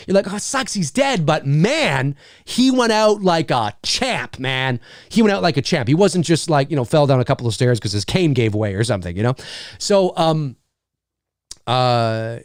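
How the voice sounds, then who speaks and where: A man hosting a casual monologue in a high, very lively voice. He acts out scenes with loud exclamations and swears freely. The sound is dry and close. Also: vocal fry, no room sound. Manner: swears, many fillers. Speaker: host.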